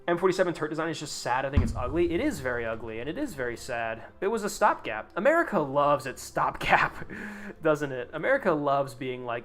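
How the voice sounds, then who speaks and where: A man's voice: fairly high pitch, expressive, brisk, fairly bright tone, faint music behind. A young man chatting casually on a live game stream, rambling, swearing freely and laughing at his own jokes.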